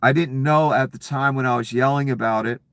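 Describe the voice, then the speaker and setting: A man's voice: mid-range voice, steady tone, a little fast, creaky, dry recording. Furious, profane man ranting. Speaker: political commentator. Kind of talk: angry political rant.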